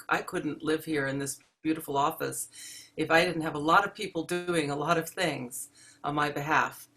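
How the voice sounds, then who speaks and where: A woman's voice: low voice, fairly bright tone. Thoughtful woman guest speaking from home office. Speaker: interview guest, entrepreneur. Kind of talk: reflective interview answers.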